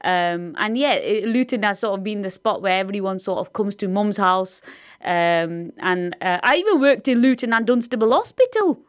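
A woman's voice: mid-range voice, lively intonation, normal speed, clear, resonant tone. A woman from Blackburn with a Lancashire accent, a comedian chatting as a guest in an interview, laughing often and using lots of fillers. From Blackburn, England. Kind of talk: casual interview chat.

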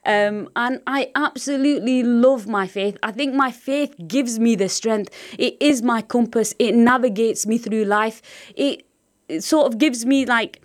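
A woman from Blackburn with a Lancashire accent, a comedian chatting as a guest in an interview, laughing often and using lots of fillers. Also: a little high. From Blackburn, England. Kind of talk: casual interview chat.

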